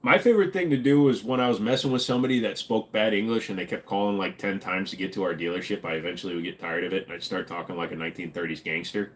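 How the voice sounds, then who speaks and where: A man's voice: deep voice, fast talker, hardly any pauses. Joking retired man chatting on livestream. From United States. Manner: joking, reading chat, slipping into silly voices. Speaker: livestream host. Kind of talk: casual livestream chat.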